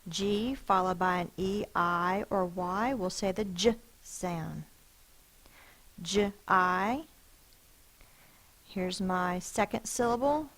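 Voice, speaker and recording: A woman teacher giving a phonics lesson, sounding out words slowly and carefully. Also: on the low side, poor audio.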